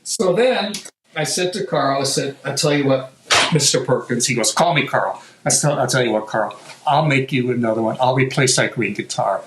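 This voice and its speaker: A middle-aged guitar maker, a man, telling lively stories in an interview, acting out what others said and laughing often. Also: mid-range voice, moderate pace, noisy background. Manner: animated anecdotal telling, acts out quoted voices, laughs often. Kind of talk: storytelling interview.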